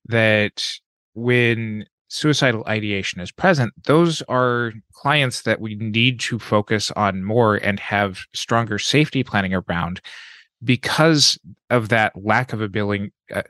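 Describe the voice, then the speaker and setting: A man, a clinician, explaining risk factors in a measured, clinical way during a podcast conversation. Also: lowish voice, fairly bright tone, no room sound.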